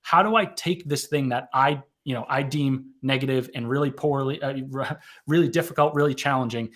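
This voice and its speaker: 30s guy guesting on a podcast, rambling story, keeps saying "right?", mid-pitched voice. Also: a little fast, a bit bright. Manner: rambling, self-correcting, frequent "right?" tags. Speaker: author and mental health advocate guest. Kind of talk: casual interview storytelling.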